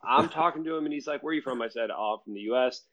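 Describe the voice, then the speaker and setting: A man's voice: medium pitch, rapid-fire, a bit bright. A man telling a trip story in casual podcast talk. He acts out quotes and laughs often. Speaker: storyteller in a group chat. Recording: dull lo-fi sound.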